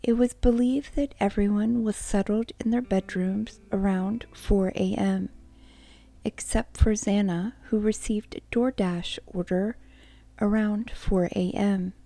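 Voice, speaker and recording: A woman whispering a true crime account as a soft-spoken ASMR narrator. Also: mid-range voice, fairly even intonation. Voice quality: unvoiced whisper. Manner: soft-spoken, measured storytelling.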